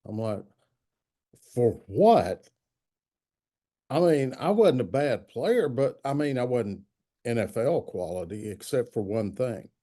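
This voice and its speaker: A man's voice: mid-range voice, expressive, normal speed, mellow. A man in his sixties, a longtime football writer, telling anecdotes in an interview and acting out quotes. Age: 60s. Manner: anecdotal, acts out quotes in other voices. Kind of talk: storytelling interview chat.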